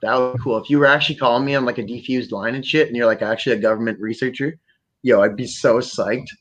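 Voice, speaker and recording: A man from Canada hosting a podcast, talking in a rambling, profane, animated way. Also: mid-range voice, quick pace, highs cut off. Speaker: podcast host. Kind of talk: casual chat.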